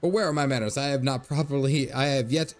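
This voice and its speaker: A man's voice: medium pitch, fairly even intonation, fast, soft background music, natural voice. A man reading as a boastful warrior. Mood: proud. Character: proud ancient warrior, adult man.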